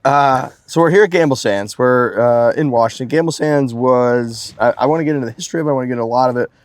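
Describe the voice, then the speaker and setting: A man hosting a golf podcast in casual chat, halting and chatty. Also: medium pitch, no room sound. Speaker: podcast host.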